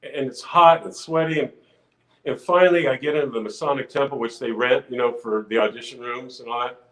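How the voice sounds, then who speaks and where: An older man, a podcast guest, telling a lively anecdote in casual chat, full of restarts and acted-out quotes. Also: medium pitch, brisk, echoey room, low-quality recording. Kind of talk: casual storytelling.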